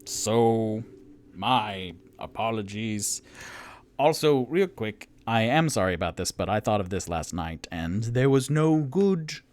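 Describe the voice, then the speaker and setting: A man voicing Tutu, a flustered and eager male adventurer who rambles and apologizes in a higher, louder voice than his own. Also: sing-song, slow pace, pauses often.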